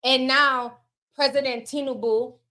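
A woman with a high, bright voice hosts a casual livestream. She reads out super chats and answers them in a sassy, animated way, swearing freely and talking straight to her viewers. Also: a little slow.

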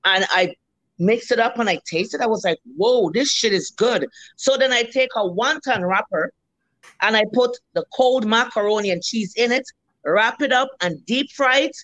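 Lively Jamaican woman telling stories. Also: fairly high pitch, moderate pace, dry recording, rough recording. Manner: animated storyteller, acts out customers' voices, swears freely. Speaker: restaurant owner and cook. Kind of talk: casual interview.

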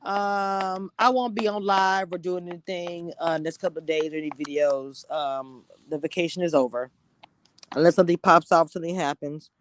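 A woman's voice: fairly low pitch, steady tone, normal speed, a little hiss or hum, rough recording. A woman from Louisiana hosting a casual livestream, chatting with viewers in a sassy, playful, teasing way and laughing often, talking into a phone with headphones on. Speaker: reality TV reviewer, livestream host.

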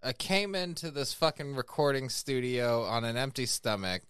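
A man's voice: mid-range voice, lively intonation, normal speed, a bit bright, smooth, dry recording, clean studio sound. A man co-hosting a podcast, tipsy and rambling in casual joking banter. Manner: rambling, jokey, drunken. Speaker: podcast co-host.

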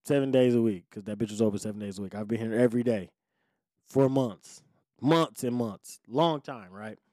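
A man's voice: normal speed, no echo, clean studio sound. Profane man telling a street story. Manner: profane street slang, acts out quoted voices; swings from low muttering to loud outbursts. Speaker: podcast host telling his life story. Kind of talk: casual storytelling.

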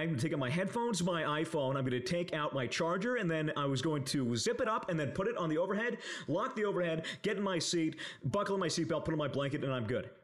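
A young man telling a casual story on a podcast, rambling with lots of fillers, swearing and laughing as he goes. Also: fairly high pitch. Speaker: podcast co-host.

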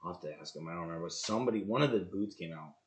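A man in his thirties telling a war story in an interview, blunt and profane, going from loud outbursts to low mutters. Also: animated, rapid-fire, slight background noise. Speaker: podcast guest, former Marine.

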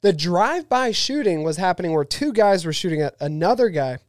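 A man guest on a podcast, telling a story in a lively, fast-paced way. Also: sits high, no echo, clean studio sound. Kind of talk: casual storytelling.

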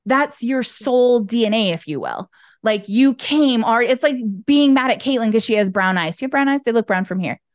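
A woman guest talking candidly in an interview over a video call, expressive and acting out the voices she quotes. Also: fairly high pitch, moderate pace, dry recording, studio quality. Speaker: podcast guest, intuitive business owner. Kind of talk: candid conversational interview talk.

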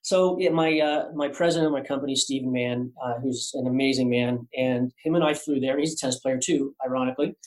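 A man's voice: mid-range voice, fairly even intonation, a little fast, few pauses. A man telling a long story as an artist guest on a podcast, rambling with many fillers and restarts. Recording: roomy echo.

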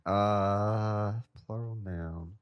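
A man's voice: fairly low pitch, fairly even intonation, extremely slow, clear, resonant tone, highs cut off. A young man joking around and teasing his friends on a casual podcast. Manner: jokey, teasing banter. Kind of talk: casual chat among friends. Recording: loud background noise.

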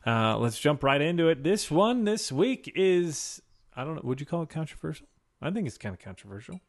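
A man's voice: on the high side, sing-song, brisk. A man co-hosting a casual podcast at a desk mic, joking and rambling with his partner. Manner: joking, rambling, laughs often. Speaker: podcast co-host. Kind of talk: casual chat. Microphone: desk microphone.

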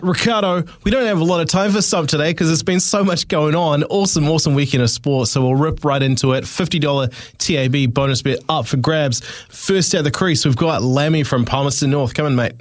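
A man's voice: on the high side, no room sound. Upbeat male sports radio host. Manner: brisk and upbeat, reads questions steadily. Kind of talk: radio quiz hosting.

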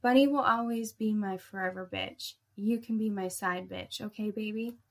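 A woman reading the lines of a cocky, teasing young man in a low, hushed voice. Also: moderate pace, natural voice. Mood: smug.

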